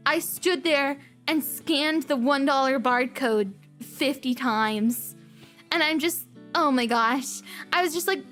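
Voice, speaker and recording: Bubbly high-voiced young woman. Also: measured pace, soft background music. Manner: animated storyteller, acts out voices and beeps; giggly, repeats lines for effect. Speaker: streamer. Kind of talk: casual chat stream.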